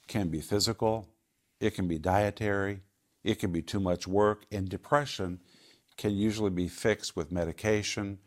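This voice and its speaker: Deep-voiced man teaching with calm confidence. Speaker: Bible teacher. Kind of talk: answering viewer questions on a talk show.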